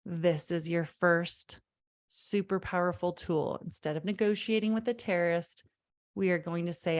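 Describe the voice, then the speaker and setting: A woman's voice: lowish voice, steady tone, moderate pace. Emphatic woman parenting coach. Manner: emphatic, repeats key phrases, addresses audience directly. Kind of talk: live online parenting workshop.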